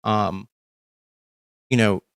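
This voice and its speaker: A man's voice: fairly low pitch, fairly even intonation, very slow, fairly bright tone, no room sound, studio quality. A man hosting a casual livestream, talking candidly and rambling with frequent ums and swearing. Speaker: livestream host.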